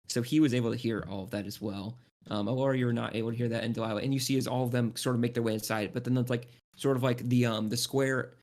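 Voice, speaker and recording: A male game master describes the scene in a loose, rambling way, stopping and restarting often. His voice is mid-pitched with a gravelly creak. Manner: rambling, halting, many restarts and fillers. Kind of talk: narrating a tabletop game.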